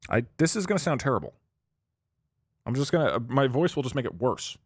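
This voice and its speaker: A man's voice: medium pitch, big pitch swings, fairly quick, breathy edge, no echo. A young man hosting his channel, thinking aloud and rambling as he tinkers on screen. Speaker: YouTube streamer host. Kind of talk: casual commentary while working on screen.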